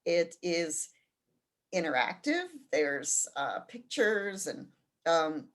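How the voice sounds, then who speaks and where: A woman's voice: on the low side, lively intonation, takes it slowly, fairly bright tone. A woman giving an informal info session about a study-abroad trip, often hesitating with fillers and restarts. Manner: hesitant, many ums and restarts.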